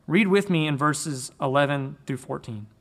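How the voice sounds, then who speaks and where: Male preacher, slightly high bright voice, earnest sermon delivery with frequent restarts. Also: normal speed. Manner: earnest, repeats words when restarting. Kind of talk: sermon with scripture reading.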